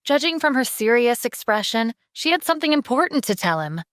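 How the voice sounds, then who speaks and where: A woman narrating a scripted audio drama with steady storytelling. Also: on the high side, brisk, hardly any pauses, dry recording, clean studio sound.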